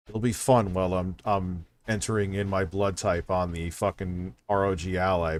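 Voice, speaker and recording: A man's voice: low voice, a little hiss or hum. A man hosting a casual livestream, swearing and ranting in exasperation at a device. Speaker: streamer host.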